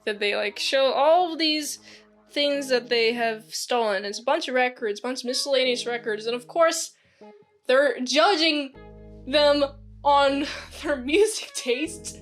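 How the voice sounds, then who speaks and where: A woman giving a casual spoken movie review, rambling with lots of fillers and acting out lively quotes. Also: sits high, unhurried, soft background music.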